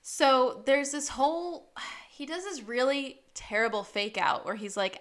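A woman's voice: high voice, a little slow, a bit bright. A woman co-hosting a podcast, chatting casually about a TV episode and laughing often. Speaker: podcast co-host. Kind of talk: casual recap chat.

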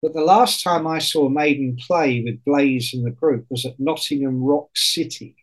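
A man in casual chat on a podcast, telling stories in an animated way and swearing often. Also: on the high side, moderate pace, rough recording.

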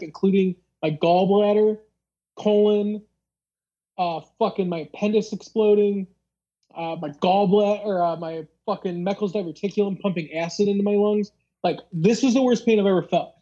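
Mellow-voiced podcast host, rambling and casual. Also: mid-range voice, fairly even intonation, normal speed, lo-fi sound. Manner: rambling, filler-heavy, acts out dialogue. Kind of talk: casual storytelling chat.

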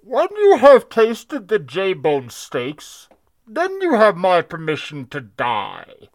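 A man voicing a menacing masked male movie villain, drawn out slowly and theatrically. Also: high voice, huge pitch swings, no echo, clean studio sound, pitched above the performer's own voice, full character voice.

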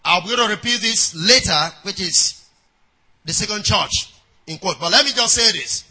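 A man preaching a sermon who reads scripture aloud in a measured cadence and often checks in with his congregation, with quick prayerful asides. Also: sits high, expressive, sharp tone, rough recording.

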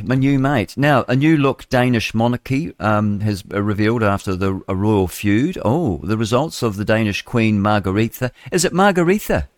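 Older kiwi radio guy rambling thru the news, low-ish voice, dry studio sound. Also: no room sound. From New Zealand. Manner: chatty, digressive, chuckling asides. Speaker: radio host. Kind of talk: rambling live news commentary.

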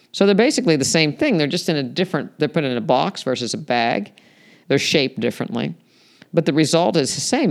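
Here a man hosts a solo health podcast, explaining things casually and filling gaps with frequent "you know"s. His medium-pitched voice comes across clear and resonant.

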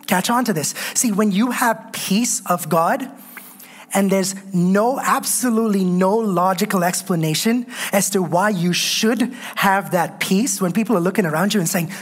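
A woman preacher delivering a sermon in a middle-pitched voice. She drives her points home by repeating phrases and calls on the congregation to answer her. Her tone is emphatic and exhorting. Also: normal speed.

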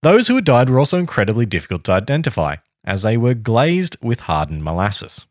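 A man hosting a podcast, reading a history story aloud to his co-host in a steady tone with dry asides. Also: mid-range voice, brisk, dry recording.

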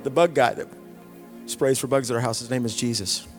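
A middle-aged male pastor preaching a conversational sermon, joking and dropping to hushed, sighing asides. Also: medium pitch, brisk. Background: soft music.

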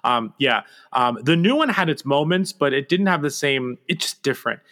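A man chatting casually as a podcast co-host, with a bright, forceful tone. He rambles a little, pausing on ums and starting his sentences over. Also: mid-range voice, very animated. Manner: hesitant, many ums and restarts.

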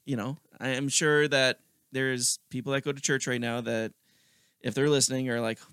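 A man's voice: medium pitch, little pitch movement, moderate pace, a bit bright, clear, resonant tone, no echo, studio quality. A man co-hosting a podcast, agreeing often and chatting casually, swearing now and then. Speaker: podcast co-host. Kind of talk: casual political chat.

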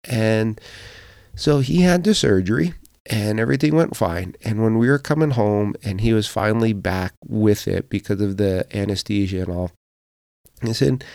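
A middle-aged man with a low, dark, gravelly voice delivers a podcast devotional. He sounds earnest and encouraging, conversational with plenty of fillers, recorded dry and close. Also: normal speed, dry recording.

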